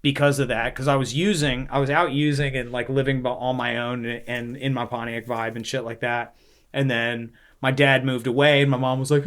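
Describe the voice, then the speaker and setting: A man's voice: medium pitch, flat delivery, normal speed, a bit bright. A man, sharing his recovery story bluntly and with heavy swearing in a casual podcast chat.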